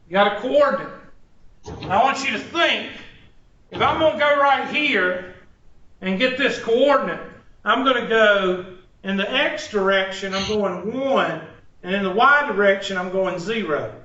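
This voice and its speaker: In a lo-fi room recording that sounds roomy, distant, and dull, a man teaches math in a high, animated, pushed, bright voice at an unhurried pace. His lecture style is blunt and joking, with digressions into stories.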